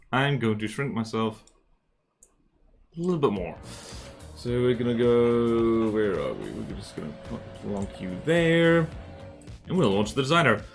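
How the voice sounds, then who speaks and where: A man with an Australian accent chatting casually and joking as he streams a game. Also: mid-range voice. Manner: chatty, jokey, quick to laugh. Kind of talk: casual live-stream chat over gameplay.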